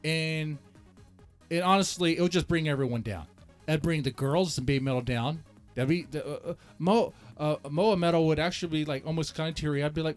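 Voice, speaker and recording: A man's voice: a little high, a little fast, faint music behind. A man hosting a reaction channel, rambling in a casual, joking and self-mocking rant. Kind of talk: casual ranting commentary.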